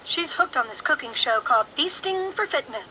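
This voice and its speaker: A woman's voice: high-pitched, lively intonation, normal speed, pushed and bright, a little hiss or hum, low-quality recording. A woman voicing a wry, teasing young female friend in a video game.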